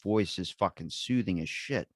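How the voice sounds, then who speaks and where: Swearing, animated male podcast host. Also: low-pitched, normal speed, dry recording. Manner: swears freely, animated storyteller. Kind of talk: casual chat.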